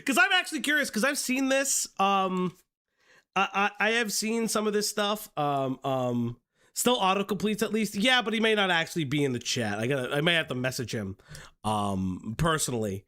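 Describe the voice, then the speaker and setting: A man hosting a live-stream drama commentary in a casual, profane way, with restarts and a voice going hoarse. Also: sits high, expressive, moderate pace, bright, forceful tone. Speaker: streamer host.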